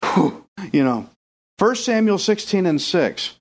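A man with a high-pitched, slow voice preaches a sermon animatedly, acting out the voices of the people he quotes.

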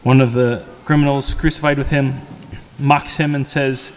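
In a church with long reverb, a priest gives a conversational homily, posing rhetorical questions to the congregation. His voice is fairly high, at a moderate pace with hardly any pauses.

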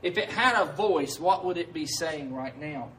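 Man, pastor, sermon, conversational, high-pitched, roomy echo, faint background noise. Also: animated, moderate pace, sharp tone. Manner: conversational, keeps asking "right?". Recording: echoey room heard from a distance.

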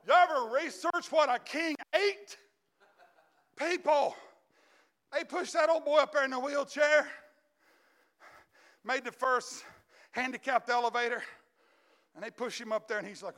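A man preaching a sermon, telling a story dramatically, acting out the characters and building up to shouts. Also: extremely high pitch, a little slow, long pauses.

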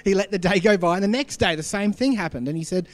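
Man, Australian accent, pastor, conversational sermon, questions to the congregation, slightly high pitch, faint hum. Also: expressive, fast, big-room sound.

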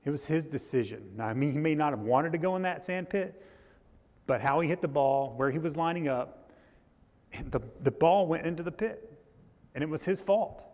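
A man's voice: on the high side, expressive, moderate pace, a little mellow. Storytelling man preaching in a reverberant hall. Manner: storytelling with restarts and rising intensity. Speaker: pastor. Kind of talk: sermon. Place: church.

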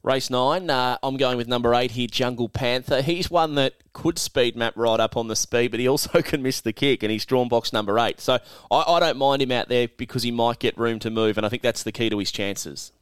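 A man's voice: medium pitch, fairly quick, few pauses, clean tone, dry recording. A man co-hosting a casual greyhound racing tips chat, thinking aloud and asking his co-host questions.

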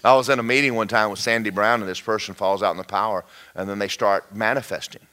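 A man preaching a storytelling sermon, folksy and animated, with joking asides and sudden shouts. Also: on the low side, fast.

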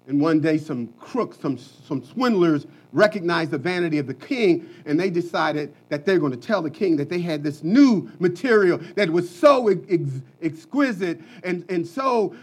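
A male preacher delivering a lively, folksy sermon, swinging between hushed talk and shouting. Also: sits high.

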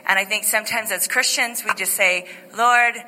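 A middle-aged woman pastor giving an informal sermon testimony, chatty and animated, with many fillers and restarts. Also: mid-range voice, moderate pace, long reverb tail, rough recording. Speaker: lead pastor. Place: church sanctuary.

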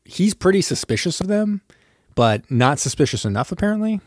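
A man's voice: high voice, big pitch swings, brisk, no echo, clean studio sound. A man in casual conversation, retelling movie scenes with animation and acting out the characters' lines. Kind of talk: casual movie recap chat.

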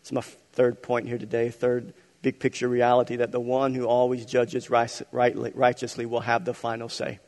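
Pastor preaching in a reverberant hall. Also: male voice, mid-range voice, completely flat delivery, normal speed, hardly any pauses. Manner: dynamic preaching, swinging from loud emphatic to soft and hushed. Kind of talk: sermon. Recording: long reverb of a large hall.

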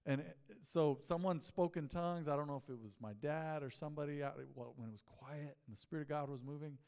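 Chatty pastor in a reverberant church hall. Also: male voice, a little high, quick pace, a little mellow, clean tone. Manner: conversational, storytelling, asks the congregation questions. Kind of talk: mid-week sermon. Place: church sanctuary.

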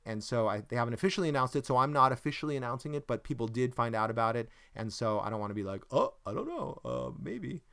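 A man's voice: mid-range voice, fairly even intonation, very fast, hardly any pauses, bright, forceful tone, smooth. A man hosting a casual chat, rambling and searching for words, with self-deprecating jokes. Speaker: podcast host.

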